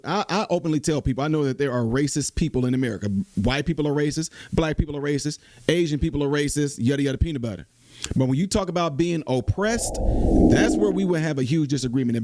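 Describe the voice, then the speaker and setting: Lively man reacting to a clip. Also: fairly high pitch, no room sound. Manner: animated, talks back at the clip with laughs and asides. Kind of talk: casual reaction commentary.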